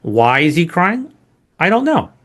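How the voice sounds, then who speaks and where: A man's voice: fairly high pitch, very animated, unhurried, fairly bright tone. A man instructing a training lesson in a conversational way, often checking in with "right?". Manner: conversational, frequent rhetorical "right?" tags.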